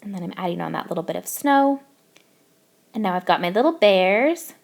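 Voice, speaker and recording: A woman's voice: mid-range voice, animated, a little fast, vocal fry. A young woman from Canada narrating her craft process in a bubbly, gushing way. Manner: bubbly, gushing over cute details. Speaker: craft YouTuber.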